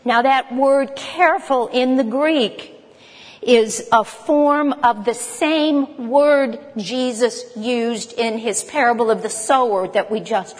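A woman's voice: fairly high pitch, long reverb tail. A woman teaching an informal Bible study in a chatty, conversational way, with joking asides to her group.

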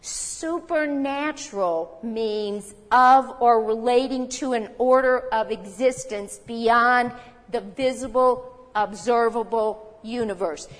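A woman's voice: on the high side, slow. A woman preaching a sermon, teaching in a conversational way and asking rhetorical questions. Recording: long reverb of a hall.

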